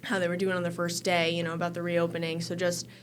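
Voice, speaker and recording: A woman's voice: on the low side, completely flat delivery, quick pace, slight background noise. A woman hosting a casual news chat show, rambling and filling gaps with "you know". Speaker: show host.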